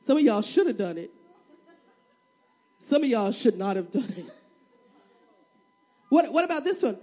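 Woman pastor, high voice, animated and funny sermon delivery, talks straight to the pews. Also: a little slow, pauses often, breathy edge. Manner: animated, humorous, acts out prayers and everyday scenes; conversational, addresses the congregation directly.

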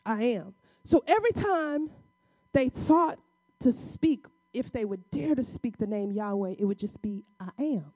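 A woman delivering a sermon with a warm, mellow voice pitched a little high. She preaches conversationally and emphatically, slipping into casual acted-out dialogue and landing points with dramatic pauses. The sound is close and dry. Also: animated, dry recording. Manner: acts out biblical dialogue in casual speech.

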